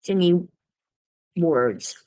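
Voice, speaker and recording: Slow, musing woman crafting on a livestream. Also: lowish voice, animated, dark tone, no room sound, low-quality recording. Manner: musing aloud, chatting to viewers. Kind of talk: casual chat while crafting.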